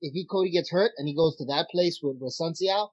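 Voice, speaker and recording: A man's voice: a little high, quick pace. Profane male storyteller on a lo-fi line. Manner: animated storyteller, profane, breaks down fighters. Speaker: fill-in co-host, former fighter. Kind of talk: casual chat.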